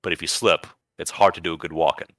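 A man's voice: deep voice, fairly even intonation, fast, sharp tone, dry recording. A man co-hosting a podcast, chatting casually and enthusiastically about video games, rambling with bursts of playful emphasis. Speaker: podcast co-host.

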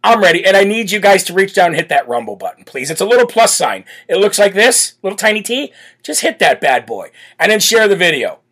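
A man hosting a political talk show, talking in a brash, blunt and forceful way, often repeating himself for emphasis. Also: sits high, very animated, fairly quick. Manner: repetitive, emphatic restarts. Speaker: host.

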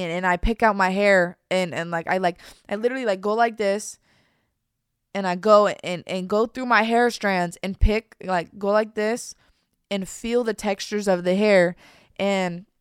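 A woman's voice: mid-range voice, clean tone, no echo, studio quality. A young woman hosting her own podcast in a casual, confessional chat that rambles with repeated restarts and casual slang. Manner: rambling, fillers and restarts, says "bro". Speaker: podcast host.

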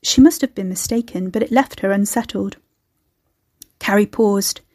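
A woman's voice: mid-range voice, normal speed, no room sound. A woman reading her own story aloud and voicing every character expressively. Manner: expressive, does all the character voices. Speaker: audiobook narrator.

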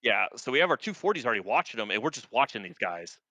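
A man's voice: mid-range voice, sing-song, fast talker, sharp tone, dry recording. A man in his thirties, an army veteran guest, telling war stories in a laid-back, profane, rambling way with lots of fillers. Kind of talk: casual war storytelling.

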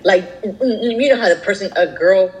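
A woman co-hosting a casual podcast, telling animated stories and acting out quoted voices. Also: mid-range voice, measured pace, rough recording. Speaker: podcast co-host. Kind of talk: casual chat, storytelling.

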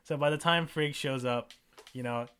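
A man co-hosting a casual review chat, who swears and laughs and acts out characters' lines in quick put-on voices. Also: medium pitch, bright, forceful tone, slight background noise. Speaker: podcast co-host.

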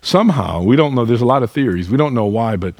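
Husky-voiced man preaching a sermon. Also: medium pitch, animated, quick pace, no echo. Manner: earnest, asks the listeners direct questions; speaks to the congregation as "y'all". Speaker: pastor.

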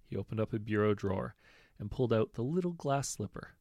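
Male narrator, lowish and lively, comic fairy tale, dry close recording. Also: fairly quick, gravelly, dry recording. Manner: wry, conversational asides. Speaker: storyteller.

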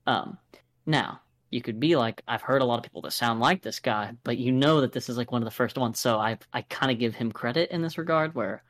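An American man co-hosting a podcast, chatting casually about an album with many fillers and restarts. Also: mid-range voice. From United States. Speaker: podcast co-host. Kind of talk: casual review chat.

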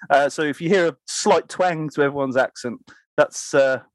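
A man's voice: a little high, normal speed, dry recording. A man with a Birmingham accent hosting a casual podcast chat, talking loosely with lots of fillers and frequent laughs, recorded over a remote call. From Birmingham, England. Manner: chatty, laughs often, filler-heavy. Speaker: podcast host.

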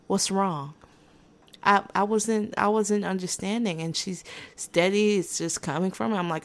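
A woman's voice: medium pitch, measured pace. A woman hosting a podcast, telling a rambling story time in a dry, sarcastic and unbothered way. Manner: rambling with restarts and asides. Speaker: podcast host. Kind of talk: casual storytime monologue.

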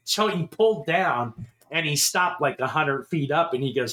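A middle-aged man co-hosting a casual show, telling a long story in an animated way, swearing and laughing as he goes. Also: fairly high pitch, normal speed. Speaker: podcast co-host.

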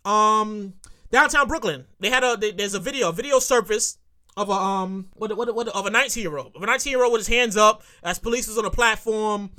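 A woman hosting her own show, ranting comedically in a profane, repetitive, animated way. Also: mid-range voice, a little fast. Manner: animated, profane, repeats lines for emphasis. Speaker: podcast host. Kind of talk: solo comedic rant.

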